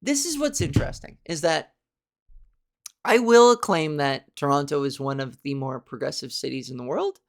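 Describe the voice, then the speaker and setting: A woman hosting a podcast, a comedian chatting casually through a story with big, animated swings in pitch. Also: moderate pace.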